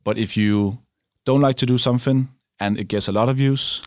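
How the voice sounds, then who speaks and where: A man's voice: mid-range voice, fairly even intonation, moderate pace, dry recording, studio quality. A man in casual podcast chat, reflective, often checking in with "right?". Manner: reflective, frequent "right?" tags. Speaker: YouTuber, podcast co-host.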